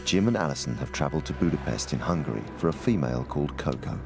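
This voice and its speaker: A man narrating a documentary in a calm, measured, scripted way. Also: a bass voice. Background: music.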